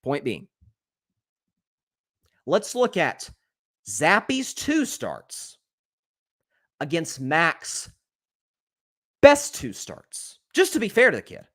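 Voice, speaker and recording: A man hosting a sports talk show, giving opinionated solo commentary in an animated way, with frequent restarts. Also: on the high side, extremely slow, pauses often.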